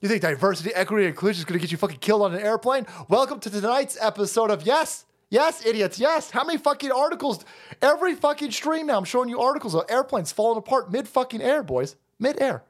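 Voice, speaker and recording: A man's voice: extremely high pitch, expressive, quick pace. A man ranting on a livestream, sarcastic and mocking, swearing constantly. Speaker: streamer. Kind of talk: livestream rant.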